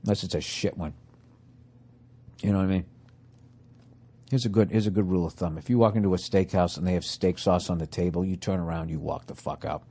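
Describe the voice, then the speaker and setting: A man's voice: low-pitched, a little fast, pauses often, warm tone, breathy edge. A middle-aged man hosting a comedy podcast, ranting profanely in a casual monologue while chewing food as he talks. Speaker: podcast host.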